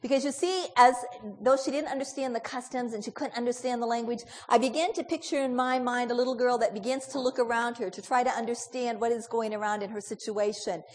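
Woman preacher, fairly high voice, story sermon full of questions to the listeners, long hall reverb. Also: fairly even intonation, fairly quick, few pauses, darkish tone.

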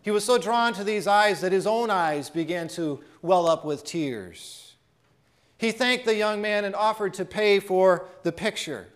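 A male preacher who tells a story with a high voice. He speaks in a dramatic way and drops almost to a hush on his key lines. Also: measured pace. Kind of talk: sermon storytelling.

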